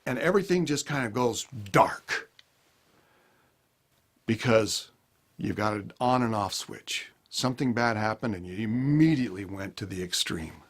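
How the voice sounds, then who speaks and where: A man's voice: fairly low pitch, unhurried. A man giving a motivational life lesson, acting out everyday scenes as he talks. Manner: animated, acts out everyday scenes. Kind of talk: motivational talk.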